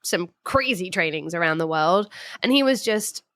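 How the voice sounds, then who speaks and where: A woman's voice: fairly low pitch, moderate pace, no room sound. Chatty woman, dry close mic. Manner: chatty, animated storytelling. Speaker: podcast guest, runner. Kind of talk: casual chat.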